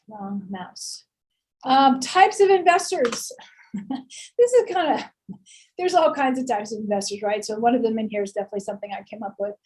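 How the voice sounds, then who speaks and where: A woman's voice: medium pitch, dark tone, poor audio. A woman giving a casual lecture as a real estate instructor, chatty, with rhetorical questions. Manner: chatty, many fillers and restarts, rhetorical questions.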